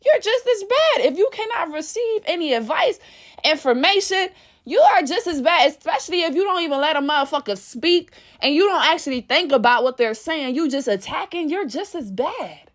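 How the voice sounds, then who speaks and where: A woman's voice: high voice, expressive, normal speed. A woman vlogger ranting to camera in a blunt, profane, exasperated way. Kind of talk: casual rant to camera.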